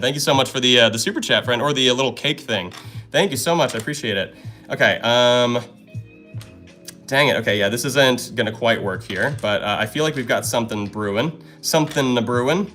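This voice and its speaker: A young man hosting a live stream, chatting casually and excitedly while solving puzzles and thanking viewers. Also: medium pitch.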